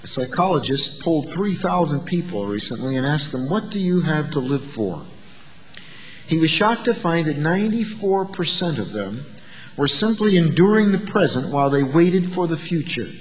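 High-voiced preacher with rhetorical questions. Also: male voice, very animated, moderate pace, long reverb tail. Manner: rhetorical questions, swings from loud emphatic to quiet. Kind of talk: sermon.

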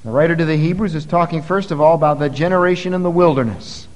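A male pastor preaching in an earnest tone that swells into forceful emphasis. His voice sits a little higher than most men's. Long reverb from the church hall trails after each phrase. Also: fast talker, hardly any pauses, highs cut off. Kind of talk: sermon.

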